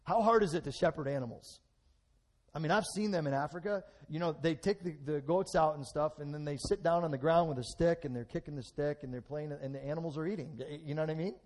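A middle-aged man preaching a lively sermon, swinging between loud and hushed, acting out bits of dialogue. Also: on the high side, fast.

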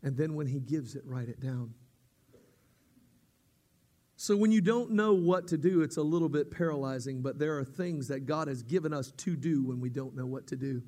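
A man preaching a sermon as pastor, teaching calmly at times and rising into loud, emphatic preaching, often repeating himself and restarting his words. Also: moderate pace. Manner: builds from calm teaching to loud, high-pitched emphatic preaching.

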